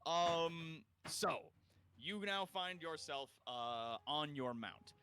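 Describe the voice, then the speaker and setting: A man's voice: on the high side, fairly even intonation, slow pace, pushed and bright, a little hiss or hum. A man running a tabletop game as game master, narrating in a loose, chatty way full of fillers.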